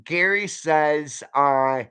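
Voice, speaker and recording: A man's voice: a little high, drawn-out words, bright, forceful tone, smooth. A man hosting a casual live stream, rambling and folksy as he reads out viewer comments and answers them. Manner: folksy, calls viewers friend and y'all.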